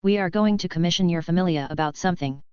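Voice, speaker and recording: A woman's voice: on the low side, fast talker, darkish tone, clear, resonant tone, dry recording, lo-fi sound, lightly acted. A woman voicing a confident young man who leads his group, speaking bluntly and in a businesslike way.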